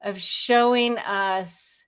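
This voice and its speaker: A woman's voice: medium pitch, extremely slow, clear, resonant tone. A woman hosting a casual interview, acting out inner voices as she makes her point. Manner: animated, acts out inner voices. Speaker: podcast host.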